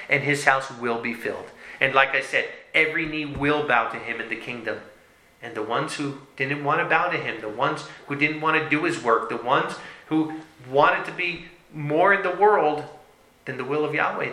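Very bright-voiced preacher man, echoey room. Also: medium pitch, normal speed. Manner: reads scripture then preaches with sharp swings from loud to hushed. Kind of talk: sermon with scripture reading.

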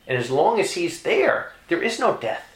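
A man preaching a sermon with emphasis, repeating key phrases and climbing in pitch to stress a point. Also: sing-song, moderate pace. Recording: echoey room.

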